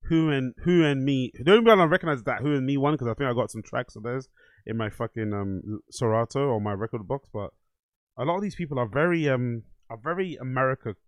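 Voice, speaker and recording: A man's voice: medium pitch, fast, no echo. Blunt man, dry close mic. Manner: blunt, mocking, swears freely. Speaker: host reacting to clips. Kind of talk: casual commentary.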